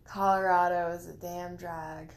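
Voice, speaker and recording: A woman's voice: fairly low pitch, flat delivery, a little slow. A young woman co-hosting a podcast, chatting casually with dry, teasing remarks. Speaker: podcast co-host. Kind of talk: casual chat.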